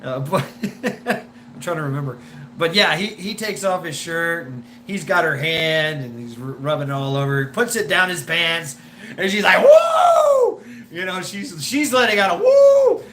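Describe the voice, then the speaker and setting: A man's voice: a little high, moderate pace, pushed and bright, slight background noise. A man hosting a live stream, telling a story in a rambling way with swearing, laughs and many restarts.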